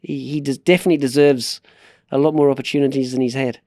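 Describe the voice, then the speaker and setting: A man raised in South Africa, a retired jockey talking as a guest, relaxed and hesitant, often restarting his words. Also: mid-range voice, quick pace, no room sound, studio quality. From England, raised in South Africa. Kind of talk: casual chat, storytelling.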